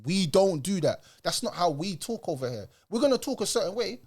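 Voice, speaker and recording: A young man with a British accent, reacting with heated, emphatic conviction in a casual street style. His voice sits a little higher than most men's. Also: big pitch swings, a little fast, a little mellow. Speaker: reaction video host.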